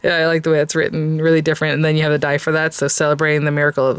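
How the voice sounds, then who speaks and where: A woman's voice: deep voice, monotone, very fast, clean tone, no echo. A woman hosting a craft video, chatting casually and enthusiastically while she unboxes kits, with many fillers and restarts. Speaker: craft channel host. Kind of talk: casual product unboxing chat.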